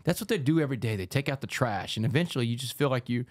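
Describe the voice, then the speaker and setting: Guy on a podcast, talks quick, keeps dropping "man", dry close mic. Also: medium pitch, no room sound. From Texas, United States. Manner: animated, fast storyteller, keeps saying "man". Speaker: podcast guest, author and speaker. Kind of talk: storytelling in a casual podcast interview.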